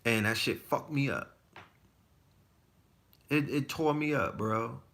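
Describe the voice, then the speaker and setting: A podcast guest from Texas, a man in his forties, tells stories in a loose, profane, casual chat full of restarts. He speaks at normal speed, with a medium pitch and a fairly bright tone.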